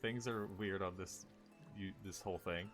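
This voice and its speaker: Low-voiced guy gm-ing, fumbles and laughs it off, faint music under. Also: steady tone, normal speed, a bit bright. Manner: rambling, laughing self-corrections. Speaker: game master. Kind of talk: narrating a tabletop game.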